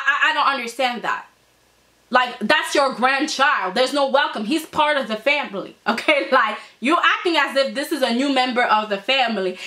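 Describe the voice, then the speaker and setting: Bright, high-voiced woman chatting casually. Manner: animated and opinionated, lots of fillers. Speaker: soap opera reviewer. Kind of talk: casual chat.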